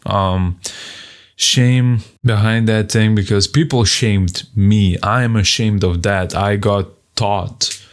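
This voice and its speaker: A man journaling on video, talking bluntly and profanely and sometimes bursting into loud shouts. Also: fairly low pitch, fairly even intonation, slow. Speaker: vlogger.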